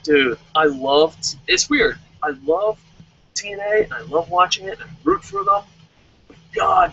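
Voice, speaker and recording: A man's voice: on the high side, sharp tone, breathy edge, rough recording. A young man reviewing a wrestling show in a heated, profane rant. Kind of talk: angry rant in casual chat.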